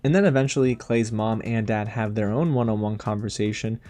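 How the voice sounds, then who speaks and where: A man hosting a casual recap and review, animated and sassy, talking straight to his viewers. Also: lowish voice, fairly quick, faint music behind. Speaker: TV show recap host.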